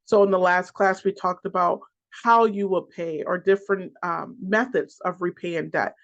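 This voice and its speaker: Halting financial coach in a dull recording. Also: mid-range voice, fairly even intonation, a bit bright. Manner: halting, with restarts and repeated words. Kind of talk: class lecture working through a list of points.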